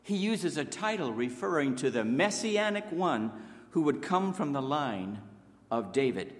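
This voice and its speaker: Male pastor, sermon, fairly high voice with wide swinging pitch, emphatic delivery, echoing church hall. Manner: emphatic, swinging from raised exclamations to hushed low asides. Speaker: preacher. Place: church sanctuary.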